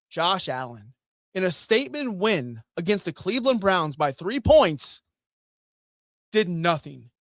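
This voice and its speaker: A man hosting a fantasy football show, ranting with sarcasm and profanity, jumping between loud outbursts and low muttering. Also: no room sound. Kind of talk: ranting sports commentary.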